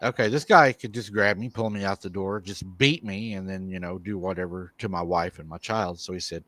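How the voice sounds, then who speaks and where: A man's voice: low voice, steady tone, fairly quick, a bit bright, dry recording. Dry-voiced man retelling a tale. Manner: retells a viewer's account, quoting him at length. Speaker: host. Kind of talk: live show storytelling.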